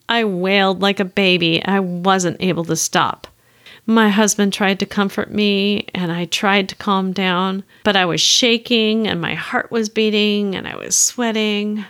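Slow, candid woman counselor telling a story. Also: mid-range voice, fairly bright tone, no echo, clean studio sound. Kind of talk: personal story with advice.

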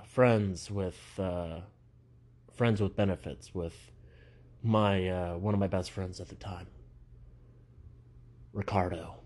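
A young man doing a rambling stand-up monologue, meandering and self-mocking, with frequent asides. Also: lowish voice. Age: young adult. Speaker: stand-up comedian.

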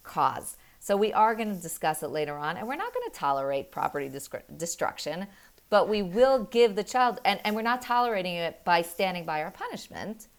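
A middle-aged mother talks through her approach to discipline in an earnest, lively way. Her voice sits a little low, and she slips quick laughs into her stories. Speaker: parenting guest. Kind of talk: conversational explaining.

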